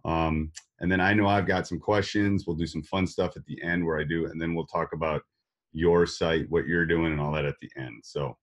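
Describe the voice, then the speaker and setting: A man's voice: extremely low pitch, fairly even intonation, normal speed. A man with a Wisconsin accent hosting a podcast interview, chatting casually and rambling, often repeating words and restarting. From Wisconsin, USA. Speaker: podcast host.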